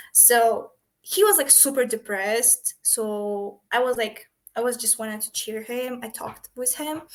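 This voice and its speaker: A young woman in her twenties, from Kazakhstan, telling personal stories in an interview in English, animated, laughing and acting out the conversations. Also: on the high side. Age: 20s. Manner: animated, laughing, acts out quoted exchanges; non-native English, frequent "like" fillers. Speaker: guest. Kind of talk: casual interview storytelling.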